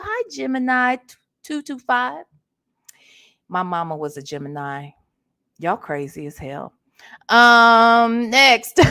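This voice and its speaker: A tired, low-energy woman hosting a casual livestream and greeting her chat one by one. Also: fairly bright tone. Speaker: livestream host.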